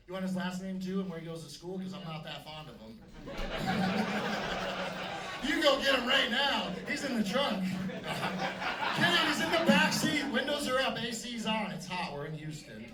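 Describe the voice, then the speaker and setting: A man doing a stand-up comedy set with brash, punchy delivery and dark deadpan jokes. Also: high voice. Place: comedy club stage. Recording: echoey club from a distance with noise. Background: audience laughter.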